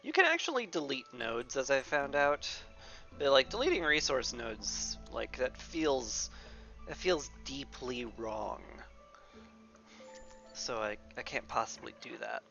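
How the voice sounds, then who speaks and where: A woman's voice: very deep voice, sing-song, unhurried, fairly bright tone. A woman streamer with a stuffy nose, chatting wryly to herself as she plays a game. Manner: wry, sarcastic self-talk. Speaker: gaming streamer. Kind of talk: let's play commentary. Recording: slightly dull, faint music behind.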